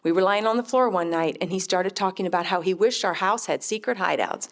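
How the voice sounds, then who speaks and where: A middle-aged woman, a mother, telling her faith testimony in an earnest, heartfelt, measured way. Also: on the low side. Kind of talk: personal testimony storytelling.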